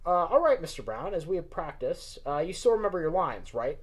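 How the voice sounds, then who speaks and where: A man's voice: on the high side, big pitch swings, fairly quick, breathy edge. A man voicing a young cat girl mage in a lightly raised, eager voice. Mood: nervous.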